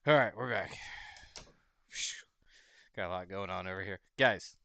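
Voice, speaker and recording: A man hosting a casual crypto livestream, chatting loosely, chuckling often and reading a product label aloud haltingly. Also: low-pitched, creaky, pushed and bright, dry recording, muffled recording. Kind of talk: casual rambling livestream chat.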